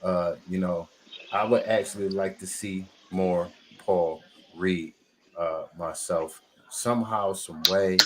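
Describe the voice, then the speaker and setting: A man hosts a relaxed sports podcast in a fairly low voice. He talks in a loose, slangy way and laughs easily. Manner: laid-back, slangy, laughs often. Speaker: podcast host. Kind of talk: casual sports chat.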